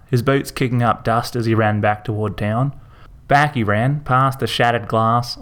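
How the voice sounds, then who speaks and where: Man narrating a story. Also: lowish voice.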